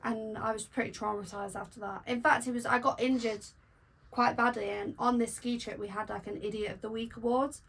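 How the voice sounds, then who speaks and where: A young woman co-hosting a podcast, telling stories in casual chat in an animated, teasing way. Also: fairly high pitch, brisk, creaky, breathy edge, low-quality recording. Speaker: podcast co-host.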